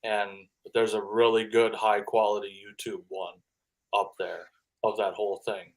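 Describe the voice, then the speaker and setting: A man's voice: on the low side, little pitch movement, normal speed, low-quality recording. Laid-back man guesting on a podcast. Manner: laid-back, profane, trailing off mid-thought. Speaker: podcast guest, mask maker. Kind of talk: casual podcast chat.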